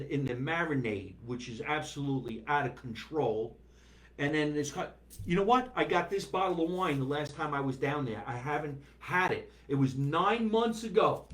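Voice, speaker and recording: A man hosting a live stream from his basement, chatting loosely, reading viewer comments and riffing with animated bursts. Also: a little high, moderate pace. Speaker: podcast host. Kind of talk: casual live-stream chat. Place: home basement.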